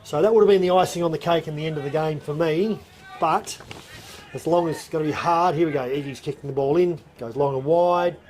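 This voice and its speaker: A man's voice: a little high, fairly quick, a little mellow. A man with an Australian accent giving opinionated, analytical colour commentary at a local football match. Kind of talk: live sports commentary.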